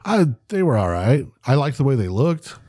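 A man co-hosting a casual podcast, talking in a loose, profane, rambling way. His voice is mellow and dark with a husky edge. The recording is dry and close. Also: mid-range voice, moderate pace, dry recording. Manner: profane, rambling, animated when retelling scenes. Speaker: podcast co-host. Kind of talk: casual chat.

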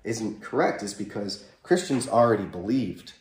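A man's voice: on the low side, sing-song, moderate pace, slight background noise. A man pastor giving a live sermon in a small chapel, talking in a conversational way and asking the congregation questions. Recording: echoey room, from a distance.

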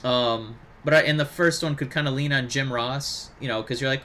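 A man co-hosting a podcast in casual chat, talking animatedly and breaking into excited impressions. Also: mid-range voice, moderate pace, few pauses, slight background noise. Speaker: podcast co-host.

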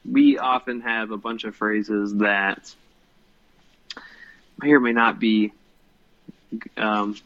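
A man's voice: on the low side, steady tone, takes it slowly, pauses often, muffled recording. A young man co-hosting a podcast in casual chat, rambling and hesitant with lots of ums. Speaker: podcast co-host.

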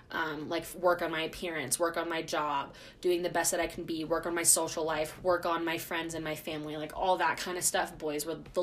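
A woman's voice: fairly low pitch, a bit bright. A woman in her twenties hosting a podcast, chatting casually and rambling with lots of fillers. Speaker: podcast host. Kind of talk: casual solo chat.

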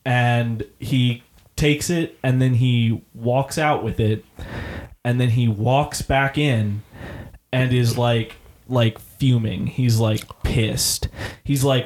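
A man's voice: medium pitch, fairly even intonation, slow pace, a little mellow. A man co-hosting a casual podcast who tells a work story with a lot of swearing, laughing often and acting out what people said. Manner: profane, laughs often, acts out quotes. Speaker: podcast co-host.

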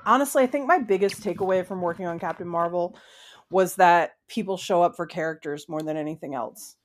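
A woman's voice: lowish voice, fairly quick. A woman comic book writer talking animatedly through her ideas in a podcast interview, full of asides. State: has the hiccups.

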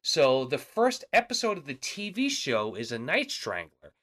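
Profane, animated male co-host with a bright, lively voice. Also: mid-range voice, normal speed. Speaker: podcast co-host. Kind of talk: casual chat.

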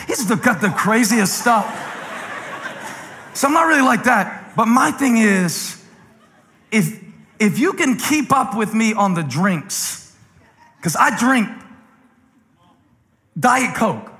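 A male pastor preaches in a large church, his voice high and bright, ringing with a long hall reverb. He jokes his way through stories, then swings from loud exclamations down to hushed, low asides. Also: expressive, slow pace, long pauses, slight background noise. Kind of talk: sermon with humorous storytelling.

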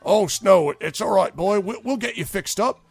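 A man voicing a gruff male wolf-keeper who commands a pack of wolves, threatening and rough. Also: high voice, animated, moderate pace, soft background music, voice pushed up, exaggerated voice. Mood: soothing. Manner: rough and threatening, then shouting in alarm.

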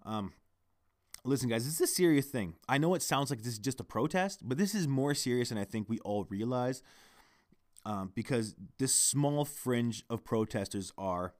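A man hosting his own podcast, talking straight to the listener, moving from measured, serious commentary into a heated, profane rant. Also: mid-range voice, animated, no room sound, studio quality. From Canada. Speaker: podcast host. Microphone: podcast studio mic.

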